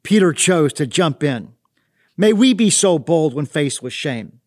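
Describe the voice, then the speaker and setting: Man, high voice, devotional host, earnest, reflective. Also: lively intonation, unhurried. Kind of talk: scripted devotional narration.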